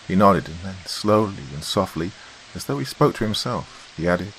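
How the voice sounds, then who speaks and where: A man reading a sci-fi horror story aloud as podcast host, with measured, expressive narration. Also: sits low, slight background noise, low-quality recording.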